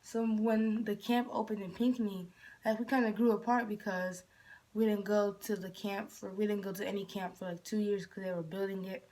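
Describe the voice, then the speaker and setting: A young vlogger from Michigan tells a rambling story in a casual vlog, with fairly even intonation, a moderate pace, and a warm tone. She often drops to a whisper and jumps up in pitch whenever she quotes herself.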